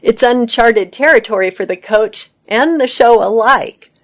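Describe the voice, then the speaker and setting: A woman reading entertainment news articles aloud in a steady read-aloud manner. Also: fairly high pitch, measured pace.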